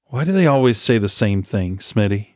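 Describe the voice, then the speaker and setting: A man voicing a quiet, firm, terse male operative in an audiobook. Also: lowish voice, lively intonation, normal speed, no echo, studio quality, lightly acted.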